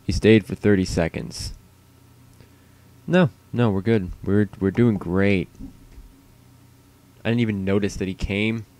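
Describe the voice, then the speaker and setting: A man with a very low, mellow voice chats to himself on a livestream. His talk wanders and is full of swearing and jokes at his own expense, with the loose ease of someone killing time. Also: a little slow, pauses often. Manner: rambling, profane and self-mocking. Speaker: streamer. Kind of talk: casual solo livestream chatter.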